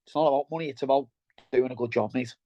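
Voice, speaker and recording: A middle-aged man with a Merseyside accent, once a welder and now head of operations, talks fast in a warm, mid-range voice as a guest in a casual interview. He's blunt and down-to-earth about his work and keeps calling the host "mate." The sound is dull and lo-fi, with no room sound.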